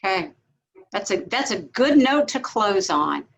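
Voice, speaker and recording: A woman interviewing a candidate, asking friendly, halting questions with many fillers. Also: mid-range voice, very animated, vocal fry, a bit bright. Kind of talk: casual interview. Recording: muffled recording.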